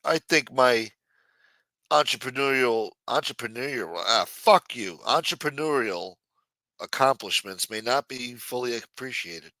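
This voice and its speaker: A man's voice: mid-range voice, animated, a little slow, sharp tone, dry recording. A man hosting a late-night livestream, chatting casually and profanely while reading viewer messages. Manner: loose, profane, jokey banter reading viewer chats. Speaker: livestream show host.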